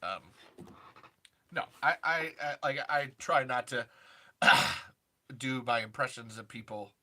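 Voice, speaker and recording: A man's voice: mid-range voice, measured pace, pushed and bright. A man, a comedian and impressionist, chatting on a podcast in a rambling, self-deprecating way with many restarts. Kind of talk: casual podcast chat.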